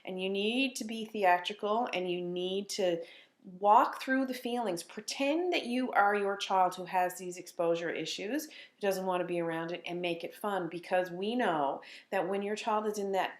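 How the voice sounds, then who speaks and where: A woman play therapist giving earnest, animated advice to parents in a casual chat. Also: mid-range voice, normal speed. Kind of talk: informal parenting talk. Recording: echoey room.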